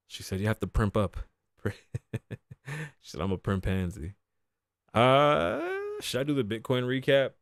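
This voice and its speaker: A man's voice: mid-range voice, smooth, no echo, clean studio sound. A man in his thirties hosting a casual solo talk show, cursing freely, joking, laughing often and dropping in Spanish phrases. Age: 30s. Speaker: podcast host.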